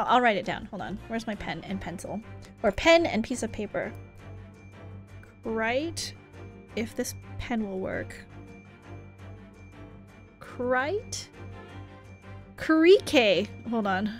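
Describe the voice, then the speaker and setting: A young woman streaming a game, chatting casually and reading the game's dialogue aloud with a giggly manner. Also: fairly high pitch. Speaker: VTuber streamer. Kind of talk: casual live-stream gameplay chat.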